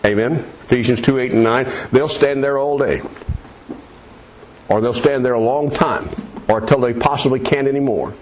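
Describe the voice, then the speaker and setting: A man's voice: medium pitch, moderate pace, darkish tone, a little hiss or hum. A man preaching, leading a listener through a prayer in an earnest, coaxing, repetitive way. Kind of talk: soul-winning demonstration.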